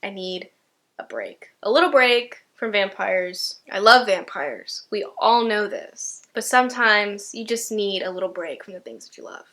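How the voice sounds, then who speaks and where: A woman's voice: medium pitch, animated, unhurried, sharp tone. A woman in her twenties chatting casually about books she bought, rambling with lots of "like" and "you know" and the odd swear word. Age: 20s. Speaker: book vlogger. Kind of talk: casual book haul chat.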